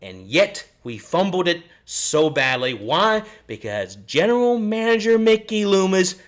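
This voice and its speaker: A man's voice: high voice, big pitch swings, measured pace, hardly any pauses. A man, hosting a live sports stream and ranting in a frustrated, rambling way. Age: 30s. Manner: frustrated, rambling, cursing and sighing. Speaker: podcast host.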